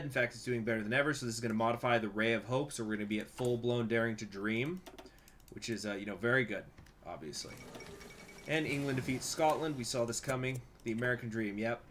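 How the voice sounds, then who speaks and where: A man's voice: medium pitch, fast, fairly bright tone, slight background noise. A man streaming a strategy game, reading event text aloud and chatting with viewers in a loose, joking way with the odd swear. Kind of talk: casual live-stream commentary.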